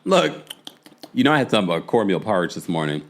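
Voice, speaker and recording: Male recap host, New York accent, lively swooping pitch, quick laughs, reads chat live. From United States. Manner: animated, laughs often, acts out quotes in a high voice. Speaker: podcast host recapping a reality show. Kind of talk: live recap chat reading viewer comments.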